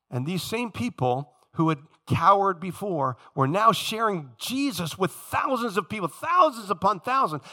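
A man preaching a sermon to his congregation, moving between quiet passages and shouted lines and acting out the people he quotes. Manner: animated, shifts from low hush to shouting; addresses congregation directly, acts out quoted speakers. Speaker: pastor.

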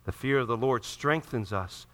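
Bright-toned preaching man. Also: mid-range voice, moderate pace. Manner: builds from calm teaching to loud impassioned preaching, acting out quoted voices. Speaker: pastor. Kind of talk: sermon.

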